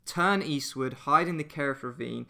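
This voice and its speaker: Bright-voiced earnest church podcast man. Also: on the high side, moderate pace, creaky. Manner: earnest, conversational, animated retelling. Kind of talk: short devotional talk and prayer.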